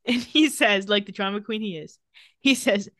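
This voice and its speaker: A young woman with a bright, crisp voice recaps a TV episode with a podcast co-host and jumps into the characters' lines as she goes. Her pitch swings widely, and her voice is recorded close and dry with no room sound. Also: a little fast, no room sound. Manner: animated, acts out characters' lines while recapping. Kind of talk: casual TV recap chat.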